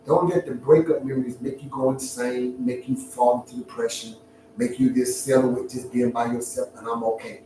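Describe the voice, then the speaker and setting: A man giving an emotional, heartfelt talk, swinging from hushed near-whispers to loud preaching. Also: mid-range voice, steady tone, moderate pace, slight background noise. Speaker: talk show host. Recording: very echoey room, far from the mic, clear music behind.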